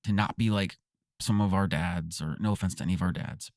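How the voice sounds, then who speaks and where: A man co-hosting a podcast in casual chat, telling stories in an excitable, chatty way. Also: low-pitched, fairly quick, dry recording, clean studio sound. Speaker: co-host. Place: basement studio.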